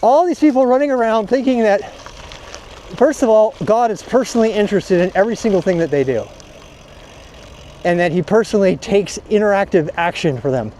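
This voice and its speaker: A man's voice: high-pitched, lively intonation, fairly quick, dark tone, slight background noise. A man vlogging while cycling outdoors, ranting bluntly and profanely in a casual monologue.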